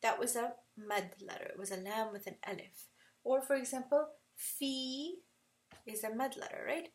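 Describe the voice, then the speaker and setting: A woman's voice: on the high side, fairly quick, a little mellow, distant mic, low-quality recording. A woman teaching tajweed at a whiteboard, explaining patiently and often checking in with "right?".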